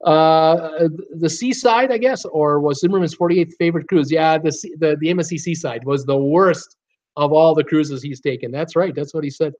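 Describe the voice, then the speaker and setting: A man's voice: a little high, moderate pace, a little mellow. A man hosting a casual live stream, rambling through viewer comments with lots of "uh" and restarts. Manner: rambling, frequent "uh" and restarts, upbeat replies to viewers. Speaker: YouTube channel host reading live chat.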